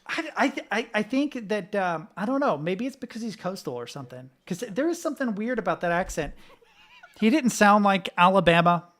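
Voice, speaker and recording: A man from the Southern United States talks a little fast with hardly any pauses, his high voice very animated. He's streaming live reaction commentary on clips, ranting casually and swearing plenty.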